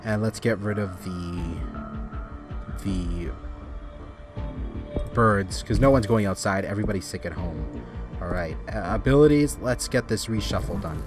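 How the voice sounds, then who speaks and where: A man hosting a gaming channel, giving rambling casual commentary with sudden excited outbursts at the game. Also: lowish voice, measured pace, long pauses, music in the background.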